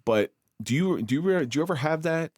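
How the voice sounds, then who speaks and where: A man hosting a podcast, a former police officer, talking casually and reflectively with halting restarts. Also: on the high side, lively intonation, darkish tone, no room sound. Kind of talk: casual interview chat. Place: podcast studio.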